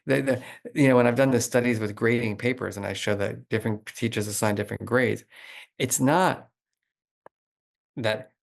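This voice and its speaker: A middle-aged man talking as a guest expert in an interview, animated and explanatory, with lots of "like" fillers. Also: medium pitch, moderate pace, vocal fry. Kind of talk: conversational interview.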